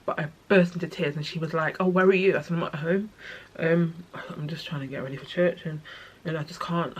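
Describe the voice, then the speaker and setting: A young woman telling a personal story in her vlog, tearful and halting, with many pauses and restarts. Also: sits low, fairly even intonation, a little hiss or hum. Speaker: vlogger.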